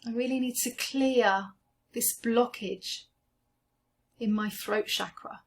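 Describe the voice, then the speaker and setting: A woman coaching a guided EFT tapping session, speaking slowly and gently as she names each tapping point. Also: fairly high pitch, fairly even intonation. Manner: slow, gentle, soothing guidance.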